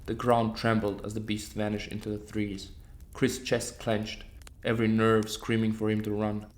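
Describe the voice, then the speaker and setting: Casting: male narrator for horror audiobooks, low pitch, steady delivery. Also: normal speed.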